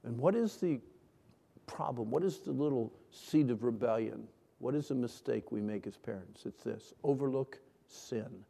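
A middle-aged man preaching a sermon, leading call-and-response and swinging between hushed and loud lines. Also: mid-range voice, moderate pace, gravelly. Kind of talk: sermon to a congregation. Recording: long hall reverb.

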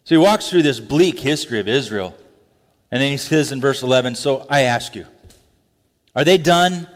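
Animated male preacher in a reverberant hall. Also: medium pitch, normal speed. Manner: animated, acts out voices and asides with laughs. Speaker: pastor. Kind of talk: sermon.

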